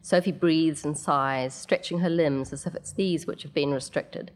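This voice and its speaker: A woman narrating a story aloud in a measured way, with the odd casual aside. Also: low voice, steady tone.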